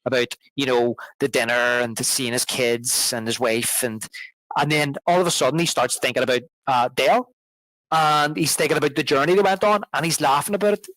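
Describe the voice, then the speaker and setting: A man's voice: mid-range voice, steady tone, a little fast, fairly bright tone, no echo, low-quality recording. Talkative man co-hosting a film podcast. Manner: rambling, many restarts and fillers, retells scenes. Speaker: podcast co-host. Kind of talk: casual film discussion. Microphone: podcast microphone.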